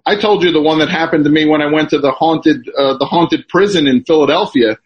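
Rambling, halting man hosting a chat. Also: a little high, husky. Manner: rambling, halting storyteller with many restarts. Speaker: radio show host. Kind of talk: casual chat. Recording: dull, lo-fi sound.

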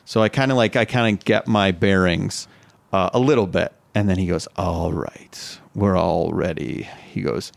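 A man tells a story in loose, casual conversation. He jumps between his normal voice and high, panicky impressions of himself and others, laughing through it. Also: normal speed, gravelly. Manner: animated, acts out his own quotes in a high panicky voice.

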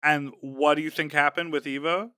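A man co-hosting a casual podcast chat, recapping a reality show and acting out quotes with animated energy. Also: a little high, clear, resonant tone, no room sound, clean studio sound. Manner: animated, quick to act out quotes. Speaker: podcast co-host.

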